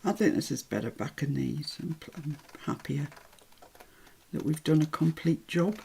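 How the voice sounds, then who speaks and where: A woman's voice: sits low, lively intonation, normal speed, gravelly, warm tone, a little hiss or hum. An English woman hosting a live craft tutorial, chatting and thinking aloud as she works, with self-deprecating asides. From England.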